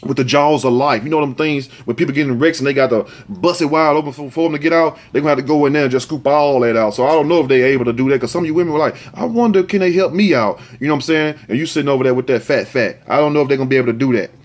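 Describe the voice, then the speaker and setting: A man's voice: mid-range voice, racing, hardly any pauses. Man riffing crudely on a news story. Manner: crude, joking asides between reading news lines. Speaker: host. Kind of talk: comedic news commentary.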